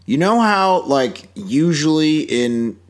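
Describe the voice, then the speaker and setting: A man's voice: fairly high pitch, sing-song, takes it slowly. A man co-hosting a podcast, reviewing a movie in casual chat, sarcastic and swearing as he acts out mocking quotes. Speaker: podcast co-host.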